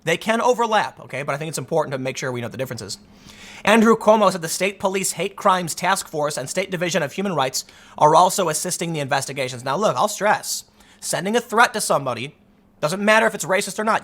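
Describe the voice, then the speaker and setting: Male commentator, thirties, mocking and animated, slightly high and bright. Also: fast. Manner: sarcastic, mocking, animated storytelling. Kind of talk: casual commentary.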